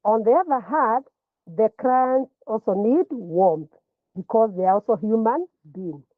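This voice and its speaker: A woman's voice: fairly high pitch, no room sound. Woman lecturing over a tinny line. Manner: repeats words and restarts while explaining. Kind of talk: classroom lecture.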